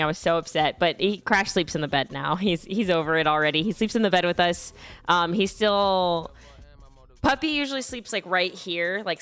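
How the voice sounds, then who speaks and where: Rambling young woman, bright clear voice. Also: on the low side. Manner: rambling, self-deprecating, swears casually. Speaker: streamer. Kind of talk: casual storytelling vlog.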